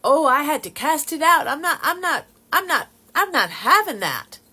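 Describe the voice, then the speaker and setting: A woman voicing her bold, fearless female cousin with a Texas accent, speaking high and emphatic. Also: very animated, moderate pace, pushed and bright, heavily acted.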